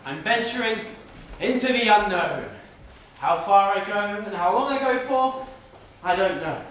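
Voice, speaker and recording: Man as a high, swooping, melodramatic adventurer for a panto, echoey hall. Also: expressive, unhurried, fairly bright tone, far from the mic. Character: melodramatic bold male adventurer. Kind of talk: stage pantomime acting.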